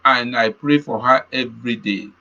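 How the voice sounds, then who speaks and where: A man's voice: medium pitch, steady tone, normal speed, creaky, sharp tone, lo-fi sound. A man preaching a sermon, telling a personal testimony in an earnest way and repeating key phrases. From Nigeria.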